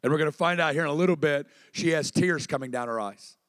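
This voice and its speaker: High-pitched guy preaching in a church, chatty, keeps getting the crowd to repeat stuff, long reverb in the hall. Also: quick pace, a bit bright. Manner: conversational preaching that prompts the congregation to respond. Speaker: pastor. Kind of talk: sermon.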